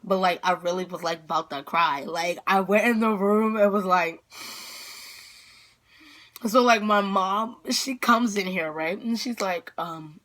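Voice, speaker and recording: A female vlogger telling a dramatic story-time tale with excitable energy, packed with fillers and sudden outbursts. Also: medium pitch, a little slow.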